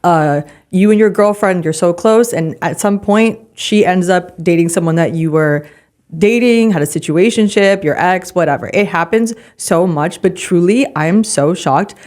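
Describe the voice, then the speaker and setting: A woman's voice: lowish voice, moderate pace, darkish tone. A young woman co-hosting a podcast, giving emphatic opinions and confident explanations in casual chat. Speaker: podcast co-host.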